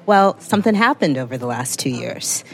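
A woman's voice: extremely low pitch, sing-song, normal speed, creaky. A woman from Indiana, a chief economist, answering interview questions in a cafe with emphatic repetition. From Indiana, USA.

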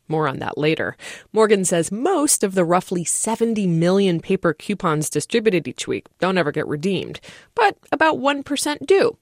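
A woman radio reporter narrating a news feature in a brisk, wry way. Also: fairly low pitch, no echo, clean studio sound.

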